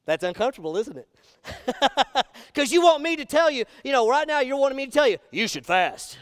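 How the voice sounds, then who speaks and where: A male pastor preaching a sermon to his congregation, animated and emphatic, often asking the room questions. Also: extremely high pitch, brisk, no room sound, studio quality. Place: church sanctuary.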